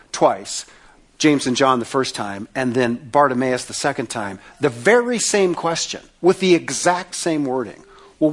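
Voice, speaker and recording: A male pastor preaching a sermon in a conversational way, with joking asides and repeated words. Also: on the high side.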